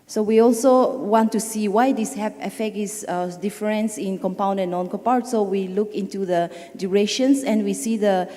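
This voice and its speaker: A woman's voice: medium pitch, steady tone, moderate pace, hardly any pauses, warm tone. Woman presenting in a reverberant hall. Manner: hesitant, with fillers and self-corrections. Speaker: conference presenter. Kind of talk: academic conference talk. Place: conference hall.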